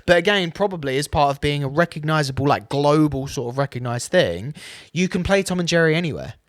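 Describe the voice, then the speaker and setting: A man's voice: on the high side, expressive, brisk, no echo, clean studio sound. A young British man co-hosting a podcast, chatting casually and trailing off mid-sentence. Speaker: podcast co-host. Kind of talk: casual chat.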